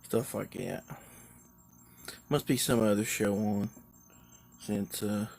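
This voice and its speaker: A man's voice: lowish voice, steady tone, slow pace, creaky, pauses often, darkish tone, faint music behind. A tired, drowsy man chatting casually on a live stream while sitting outdoors on his porch, rambling in a laid-back way. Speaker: livestream host.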